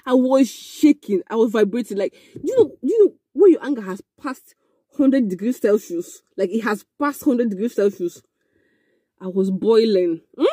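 A young woman telling a casual storytime, animated and excitable, with frequent exclamations. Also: fairly high pitch, normal speed, husky, dry recording. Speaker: vlogger.

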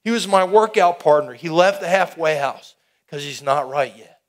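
Animated man preaching testimony. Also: on the high side, normal speed. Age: middle-aged. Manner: animated, folksy, audience call-and-response. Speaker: youth rally speaker. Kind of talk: testimony sermon.

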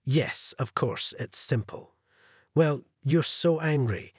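A man's voice: medium pitch, slow pace, slightly rough, dry recording, clean studio sound. A man reading the lines of a frightened, shaken wife in a spoken story, with a hesitant, pleading manner.

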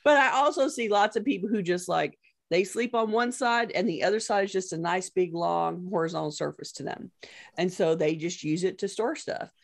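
A woman's voice: on the low side, moderate pace, creaky. A woman podcast host and professional organizer, chatting casually, telling stories and laughing often. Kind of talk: casual chat.

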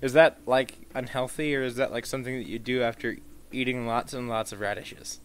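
A man giving gameplay commentary, swearing freely and swinging into mock-outraged rants and sudden shouts. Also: medium pitch, fairly even intonation, brisk, a little hiss or hum.

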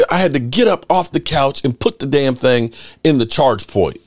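A middle-aged man hosting his sports channel, chatting casually and rambling through stories with lively swearing. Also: medium pitch, normal speed, no room sound, clean studio sound. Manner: animated storyteller, swears freely. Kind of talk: casual rambling fan chat.

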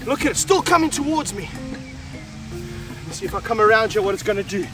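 A man presenting a wildlife vlog while handling snakes, out of breath and excited. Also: high voice, brisk. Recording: music bed under the voice.

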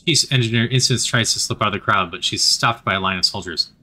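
A man narrating a story game aloud, with animated, expressive narration. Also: lowish voice, quick pace.

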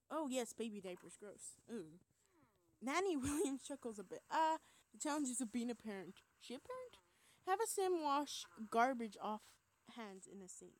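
Chatty tired young woman, lively pitch. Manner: chatty, giggly, rambling, drifts into whispers. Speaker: gameplay video host. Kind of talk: casual gameplay commentary.

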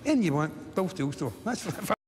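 A man, a former oil rig worker, telling a lively anecdote and acting out the dialogue of the people in it. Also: on the high side, quick pace. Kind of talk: anecdote told in a documentary. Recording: reverberant hall with music playing.

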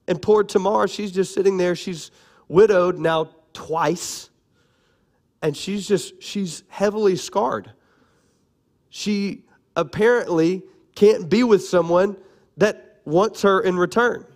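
A man, preaching a sermon in a joking, conversational way and sounding a little hoarse. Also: high voice, slow. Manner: animated, conversational and joking, lively shifts between loud and soft. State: raspy from cough medicine and little sleep. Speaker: pastor.

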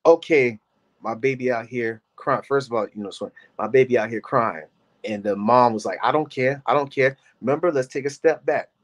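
Man in his 30s, reaction-show host, casual rambling delivery, moderate pitch. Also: normal speed. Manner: animated, rambling, talks to chat by name. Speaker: commentary host.

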